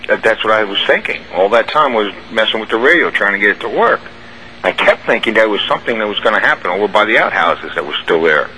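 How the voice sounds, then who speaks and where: Male guest recounting an ordeal; bright, pushy voice, vivid and rambling. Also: on the low side, animated, quick pace, slight background noise, low-quality recording. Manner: rambling, vivid storytelling with restarts. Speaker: radio show guest. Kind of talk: recounting a personal experience.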